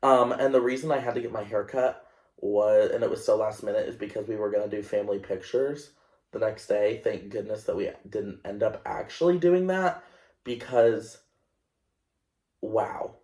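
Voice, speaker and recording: A young man hosting a podcast, telling a story in a casual, animated and self-conscious way, with lots of fillers. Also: lowish voice, moderate pace. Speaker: podcast host. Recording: echoey room.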